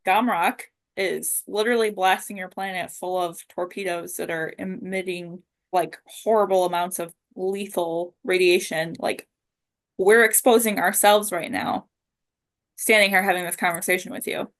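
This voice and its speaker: A woman at a tabletop game speaks earnestly and persuasively, pressing her point with questions. Her voice sits slightly low. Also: fairly even intonation, normal speed. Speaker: player. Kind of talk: tabletop role-play.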